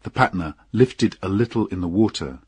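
A deep, very husky male voice reads an audiobook story slowly and steadily. His delivery is measured and unhurried. The sound is dry and close. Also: expressive, darkish tone, dry recording. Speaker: narrator.

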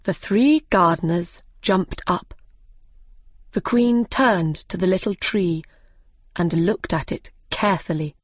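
A woman narrating a storybook in a clear, deliberate, expressive way. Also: lowish voice, no room sound, studio quality. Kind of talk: slow graded storybook reading.

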